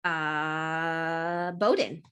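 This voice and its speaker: A woman runs a tabletop game, her voice sitting a little low. She explains the rules in a relaxed, rambling way, circling back and restarting. She narrates scenes in the same easy tone. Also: extremely slow, clean tone. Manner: casual, explanatory, with frequent fillers and restarts. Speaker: game master.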